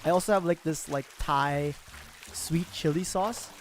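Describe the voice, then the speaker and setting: A man's voice: a little high, unhurried, a little hiss or hum. A young man streaming, chatting casually and rambling, with frequent laughs. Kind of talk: casual livestream chat.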